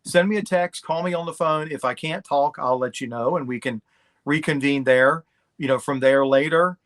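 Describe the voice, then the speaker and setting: A man's voice: a little high, moderate pace, fairly bright tone. A middle-aged man talking candidly and bluntly as a guest in a casual interview. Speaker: podcast guest.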